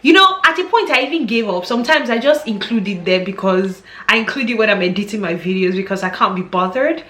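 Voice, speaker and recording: Bright chatty woman vlogger, echoey room. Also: medium pitch, animated, quick pace, few pauses. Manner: chatty, playful, laughs often. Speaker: fragrance vlogger. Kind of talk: casual chat to camera. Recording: echoey room with faint music.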